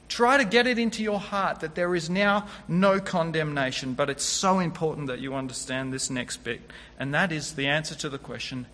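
Preacher, male, high bright voice, earnest and emphatic delivery, big hall reverb. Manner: earnest, emphatic, teaching through scripture verse by verse. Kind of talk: sermon. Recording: long reverb of a large hall.

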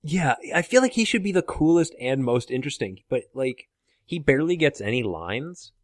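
Man, podcast co-host, casual chat, very animated pitch, wry and playful, dry sound. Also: no room sound. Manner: wry, playful, quick to laugh.

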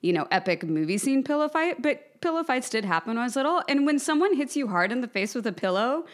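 An American woman co-hosting a podcast, playful and giggly, telling stories with animated bits and reading guest intros. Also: high voice, fast. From United States. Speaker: podcast co-host. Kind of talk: casual chat.

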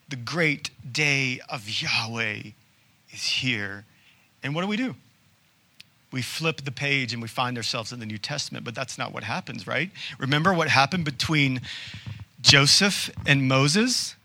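Bright-voiced pastor preaching conversationally. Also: male voice, mid-range voice, animated. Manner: conversational preaching with rhetorical questions and dramatic pauses. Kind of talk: sermon.

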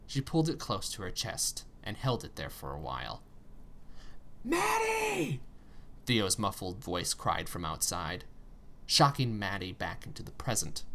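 A man narrating a story aloud in an expressive reading style, with tense pauses and strong emphasis. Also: on the low side, a little hiss or hum. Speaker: story reader.

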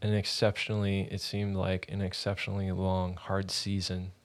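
A man hosting a ministry podcast, telling a personal faith testimony in an earnest, halting, conversational way. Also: low voice, completely flat delivery.

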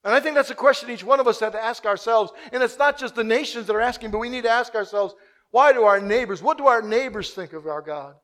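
A man preaching a sermon, swinging from loud, urgent repeated questions to a hushed, quiet prayer. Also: very high voice, fast talker.

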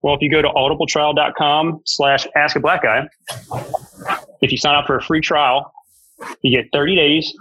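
A man co-hosting a podcast, chatting casually with friends and reading an ad in a relaxed, easygoing way. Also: fairly high pitch, moderate pace, pauses often, lo-fi sound, a little hiss or hum. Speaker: podcast co-host. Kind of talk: casual chat and sponsor read.

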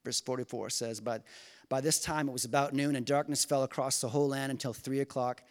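A man preaching a sermon to his congregation, swinging between loud emphatic lines and quiet, slow scripture reading. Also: mid-range voice, steady tone. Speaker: pastor. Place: church sanctuary. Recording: long reverb of a church hall.

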